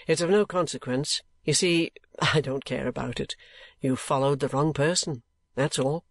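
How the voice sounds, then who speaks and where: A man reading an audiobook, voicing an earnest, insistent young gentleman in close to his own voice. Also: medium pitch, normal speed, vocal fry, dry recording.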